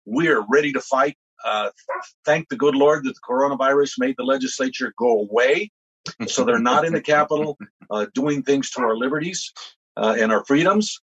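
A man's voice: medium pitch, expressive, moderate pace, fairly bright tone, husky, muffled recording. A man being interviewed as a lobbyist, stumbling through restarts and fillers. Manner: hesitant, full of restarts and fillers. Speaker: lobbyist guest. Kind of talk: interview conversation.

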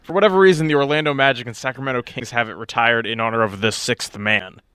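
Male producer, bright resonant voice, informative, dry studio. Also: mid-range voice, fast talker, smooth, no room sound. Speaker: radio producer. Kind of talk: reading out facts on air.

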